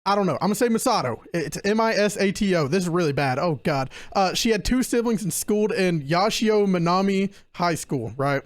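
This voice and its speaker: A man's voice: sits high, lively intonation, fairly quick, hardly any pauses, no echo. A young man hosting a casual podcast. He laughs often and stumbles over names while reading from his notes. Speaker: podcast host presenting a case.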